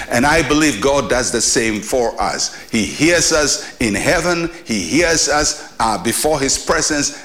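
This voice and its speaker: Male pastor, short sermon, earnest, emphatic, repeats key phrases, voice sits a bit high. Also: fairly bright tone. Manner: earnest, emphatic preaching with repetition and rhetorical questions.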